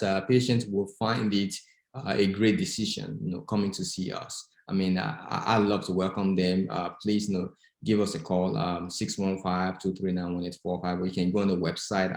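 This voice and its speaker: A man's voice: sits low, little pitch movement, normal speed, echoey room. A young adult man with a Nigerian accent, a physician talking as a guest in a casual interview, hesitant with many fillers.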